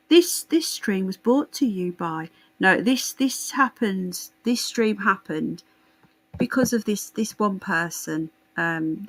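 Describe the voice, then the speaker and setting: A woman's voice: mid-range voice, a bit bright, rough recording. A woman hosting a live stream, chatting casually with viewers in a blunt, sarcastic and sweary way. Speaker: livestream host.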